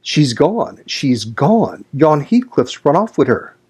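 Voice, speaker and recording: Male reader as a thoughtless young housemaid: high, gasping, flustered. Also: slow, slightly rough, exaggerated voice. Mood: panicked. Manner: breathless, excited, stammering.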